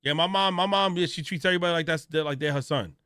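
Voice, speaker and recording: Brash, bright-voiced streamer man. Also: fairly high pitch, fast, clear, resonant tone, dry recording, studio quality. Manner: loud, brash and joking, heavy slang; talks straight to his chat. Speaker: streamer reacting to a video. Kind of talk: casual live-stream reaction chat.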